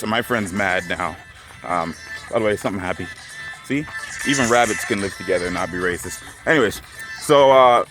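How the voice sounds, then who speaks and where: A young man telling a story to camera in a casual, rambling way, full of filler words. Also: lowish voice. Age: young adult. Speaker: vlogger.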